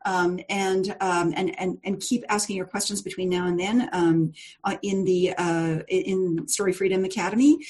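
A woman with a voice on the low side, a steady tone and a slightly mellow quality speaks at normal speed. As course leader, she runs a live online class over a video call, chatty and encouraging, laughing easily and leaning on fillers and restarts as she keeps addressing her students directly.

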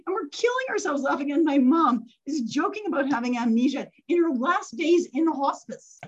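A middle-aged woman giving a motivational talk to a group, chatty and animated, laughing often as she tells stories. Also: sits high, a little fast. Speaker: speaker teaching a group. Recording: dull lo-fi recording.

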